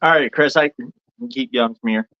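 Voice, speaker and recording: A man co-hosting a podcast, asking casual interview questions in a relaxed, slightly stumbling way. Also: mid-range voice, moderate pace, dull audio. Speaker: podcast co-host.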